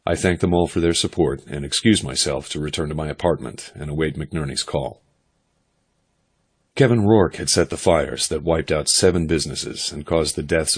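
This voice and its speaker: A man doing steady, measured first-person audiobook narration. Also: rumbling low, slightly rough.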